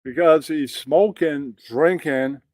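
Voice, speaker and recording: A man's voice: a little high, slow pace, a little mellow, dry recording. Profane mocking male streamer. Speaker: stream host reacting to clips. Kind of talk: crude comedic rant.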